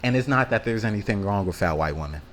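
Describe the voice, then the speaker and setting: A man's voice: on the low side, lively intonation, fast, a bit bright, slight background noise. A man telling a loose, profane story in casual rambling style, acting out the quotes with lots of fillers. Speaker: vlogger.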